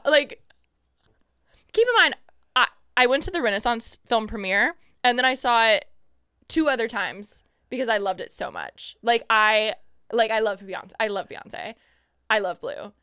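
A young woman guest on a podcast, telling an excited story in casual chat, full of fillers and acted-out quotes. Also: a little high, normal speed, clear, resonant tone, no room sound, clean studio sound.

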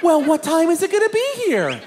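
A man's voice: extremely high pitch, wildly swooping pitch, a little fast, voice pushed up, exaggerated voice. A man playing an impatient wife who keeps prodding with questions. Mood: nagging. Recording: live comedy club with crowd and noise.

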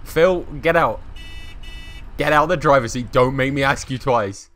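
A man's voice: medium pitch, measured pace, fairly bright tone. A man chatting playfully while playing a video game with a friend, often joking and laughing. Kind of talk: casual gameplay chat.

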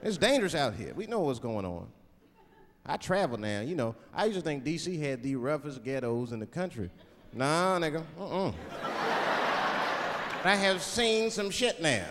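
A man performing stand-up comedy on stage, animated and slipping into voices. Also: on the high side, normal speed. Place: comedy stage before audience. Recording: live hall with loud crowd.

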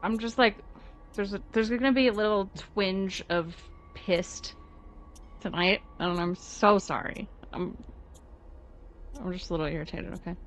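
A woman streaming a video game live, reacting with excitable commentary and frequent swearing and apologies. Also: medium pitch, unhurried.

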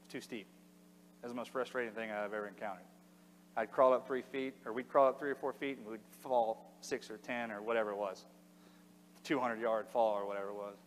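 A middle-aged man telling a war story to an audience in a plain, halting way, his voice sinking low and quiet at the hardest parts. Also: a little hiss or hum. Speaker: speaker giving a talk. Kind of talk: recounting a combat story to an audience. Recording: long hall reverb.

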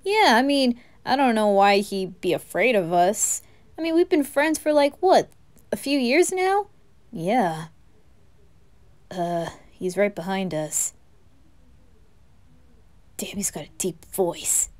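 A woman's voice: mid-range voice, very animated, takes it slowly, a little mellow. A woman voicing a chatty, playful teenage boy who gushes over food in a whispered role-play.

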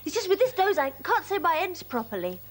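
A woman's voice: very high voice, sing-song, fairly quick, pitched above the performer's own voice. A woman voicing a fussy traveller with a heavy cold and a blocked, nasal voice that can't say N sounds, in a children's TV sketch. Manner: indignant, fussy.

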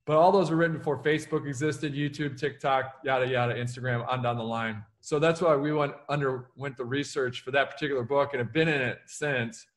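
A man who is an author and keynote speaker, answering interview questions in an energetic, punchy motivational way and acting out the lines he quotes. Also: medium pitch, brisk, few pauses. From United States.

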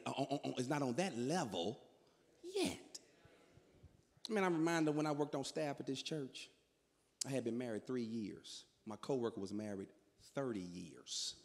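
A man doing stand-up comedy in a large live venue, telling stories with animated delivery and shouting his punchlines. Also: medium pitch. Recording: long reverb of a large venue.

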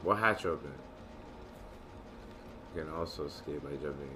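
A man casually commentating his gameplay, excitable and joking, with loud profane outbursts. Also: very deep voice, moderate pace, background noise. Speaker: gamer and channel host.

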